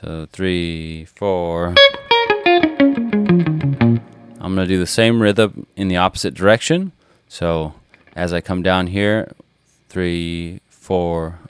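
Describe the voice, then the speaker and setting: A man with a very low voice gives a guitar lesson. He explains patiently and counts rhythms aloud as he plays. Loud guitar sound fills the recording behind him. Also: slow. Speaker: guitar teacher.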